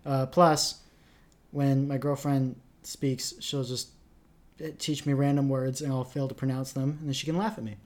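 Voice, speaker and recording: A man's voice: medium pitch, level tone, normal speed, a little mellow. A young man from rural Canada, co-hosting a podcast in casual, rambling chat and laughing at himself often. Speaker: podcast co-host.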